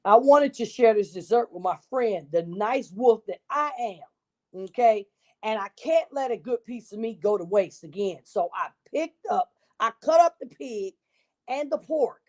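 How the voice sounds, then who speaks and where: A woman's voice: medium pitch, a little mellow, lightly acted. A woman voicing a self-pitying male wolf who tells his own side of the story in a wheedling, innocent tone.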